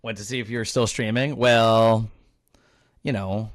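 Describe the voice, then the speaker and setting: A man's voice: on the low side, fairly even intonation, a little slow. A male game streamer chatting casually while playing, thanking viewers and teasing his friends. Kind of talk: casual live-stream chat while gaming.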